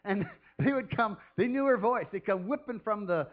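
A man's voice: high-pitched, moderate pace, phone-quality sound. A man preaching a sermon off the cuff as a pastor, chatty and rambling, who often laughs and throws in playful calls.

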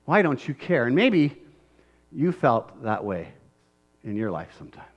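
A male pastor giving a conversational, animated sermon, often checking in with tag questions and acting out scenes. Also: mid-range voice, measured pace, long pauses, highs cut off.

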